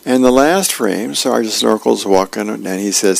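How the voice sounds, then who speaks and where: A man with a low, gravelly voice reading newspaper comic strips aloud. His delivery is plain and unhurried, with the odd filler, and the sound is dry and close. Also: no echo.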